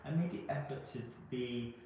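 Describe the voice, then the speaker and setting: A man's voice: medium pitch, moderate pace, dark tone. A man chatting playfully as a podcast guest, talking about himself with cheeky boasts. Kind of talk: casual podcast chat. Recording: echoey room, faint noise.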